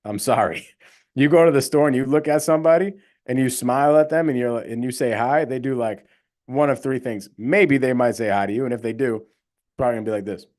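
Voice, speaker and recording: A man's voice: mid-range voice, fairly quick, a little mellow. A young man hosting a casual livestream, talking emphatically and rambling with lots of fillers. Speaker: livestream host, real estate wholesaler.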